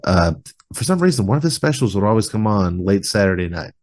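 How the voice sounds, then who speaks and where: Here is a man with a fairly low voice hosting a relaxed podcast conversation. He rambles loosely and leans on "like" as he talks. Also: fairly quick. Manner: rambling, with many "like" fillers. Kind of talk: casual podcast chat.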